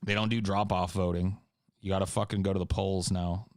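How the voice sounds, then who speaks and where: Deep, flat-voiced profane podcast man. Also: a little fast, no echo, clean studio sound. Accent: California, with a faint Southern tinge. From Central California, USA. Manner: profane, rambling, blunt. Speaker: podcast host. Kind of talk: casual podcast Q&A.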